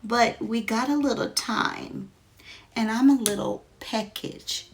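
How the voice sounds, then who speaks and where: A woman voicing a calm, mysterious man who speaks softly and slowly. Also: a little high, voice pushed up.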